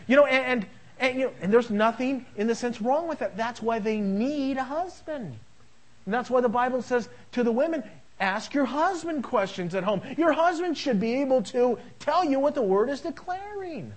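A man's voice: extremely high pitch, animated, moderate pace, low-quality recording. A middle-aged man preaching a sermon, telling family anecdotes and acting out both sides of conversations with humor. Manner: anecdotal, jokey, acts out dialogue. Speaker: pastor.

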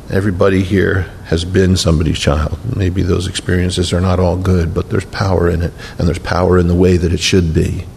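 A middle-aged man preaching in a church, his voice carrying a long reverb through the hall over a faint rumble. He swings from raised, emphatic lines to low, hushed tenderness, at a mid pitch for a man. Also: flat delivery, fairly quick, creaky, few pauses. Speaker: pastor. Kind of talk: sermon.

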